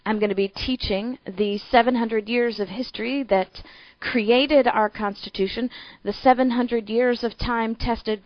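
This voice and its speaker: A woman with a Midwestern American accent hosting a political talk show, speaking in an energetic, emphatic and chatty way. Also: medium pitch, no echo, muffled recording.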